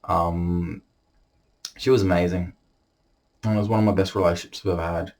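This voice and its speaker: A man's voice: low-pitched, fairly even intonation, a little mellow. Tearful man confessing. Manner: halting, emotional, many restarts. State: holding back tears. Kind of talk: emotional personal confession to camera.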